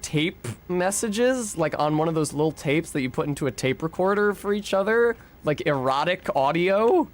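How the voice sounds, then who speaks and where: A man's voice: on the high side, animated, normal speed, few pauses. A young American man streaming a game, chatting casually and swearing often while he answers his chat and rambles between fights. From United States.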